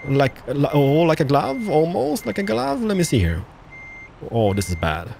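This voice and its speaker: Animated chatty man playing a game. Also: on the high side, moderate pace, creaky, slight background noise. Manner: chatty, joking, exclamatory. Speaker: let's-play gamer. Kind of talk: casual gameplay commentary.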